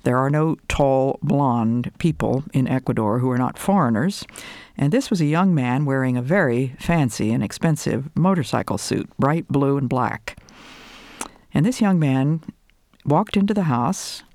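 An older woman giving a devotional talk, telling a personal story and reciting names of God in an earnest, measured way. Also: extremely low pitch, a little mellow, no echo. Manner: earnest, measured, lists scripture names slowly. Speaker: Christian speaker.

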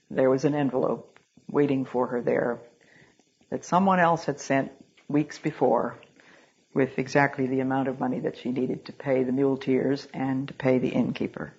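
Low, husky woman preaching a sermon. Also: level tone, moderate pace, warm tone, dull audio. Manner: earnest, quotes scripture in solemn King James cadence. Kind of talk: sermon with storytelling.

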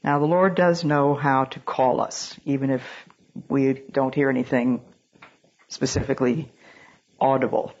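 A woman's voice: extremely low pitch, fairly even intonation, unhurried, darkish tone, husky, muffled recording. A woman preaching a sermon, telling stories in an earnest way and quoting scripture in a solemn, old-fashioned cadence. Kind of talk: sermon with storytelling.

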